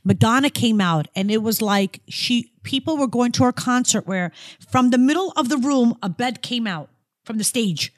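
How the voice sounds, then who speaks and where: A woman's voice: on the high side, animated, normal speed, dry recording. A woman in her forties co-hosting a casual chat, gushing and dramatic as she tells stories. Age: 40s. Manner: gushing, emotional, dramatic storyteller. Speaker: podcast co-host.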